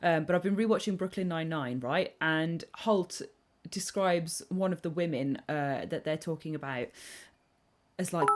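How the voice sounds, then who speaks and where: A young woman streaming live, chatting casually and excitably on tangents while reading chat aloud. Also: low voice. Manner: excitable, rambling, quick tangents. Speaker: game streamer.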